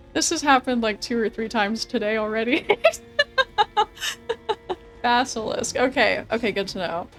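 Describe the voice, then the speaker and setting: A young woman streaming a video game, thinking out loud about tactics, laughing often and swearing casually. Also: mid-range voice. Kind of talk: casual gameplay commentary.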